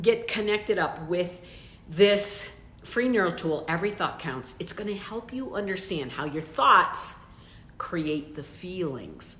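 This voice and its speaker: Lively, emphatic woman coach in a roomy space. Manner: emphatic, addresses listeners directly with repeated questions. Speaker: business coach. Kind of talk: motivational training talk. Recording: roomy echo, faint rumble.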